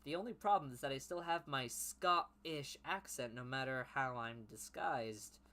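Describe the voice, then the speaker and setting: Man reading blunt shapeshifter woman, flat storybook read, bright voice. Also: mid-range voice, normal speed, natural voice. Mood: matter-of-fact. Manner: read flatly, no accent attempted.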